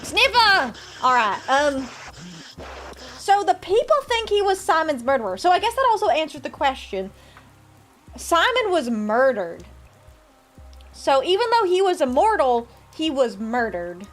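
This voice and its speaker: A woman's voice: high-pitched, sing-song, a little slow, a bit bright. A woman streaming a game live, chatting playfully with viewers and reading the game's text aloud. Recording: faint music behind.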